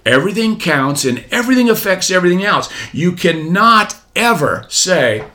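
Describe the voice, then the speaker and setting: Preachy motivational man, higher voice. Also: big pitch swings, normal speed, pushed and bright. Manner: preachy, repeats key phrases, rhetorical questions. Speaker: motivational speaker. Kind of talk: motivational talk.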